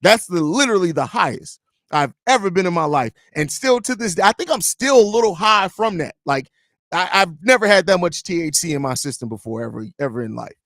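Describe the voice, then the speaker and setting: Male podcast host, 30s, loose joking storyteller, higher-pitched, recorded close and dry. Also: expressive, fairly quick, a bit bright, no echo. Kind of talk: casual live-stream chat.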